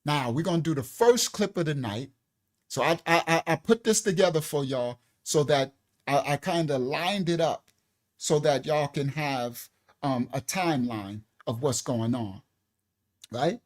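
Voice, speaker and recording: A man's voice: fairly high pitch, unhurried. A man hosting a ministry channel, teaching viewers in a casual, colloquial monologue and often asking "right?". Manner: animated, repeats "right?" and "listen clearly", colloquial.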